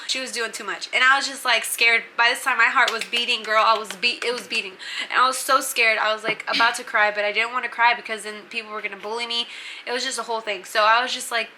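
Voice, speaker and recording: A woman's voice: on the high side, steady tone, fast, sharp tone, a little hiss or hum. A young woman telling a casual storytime as a vlogger, chatty and full of "like" fillers.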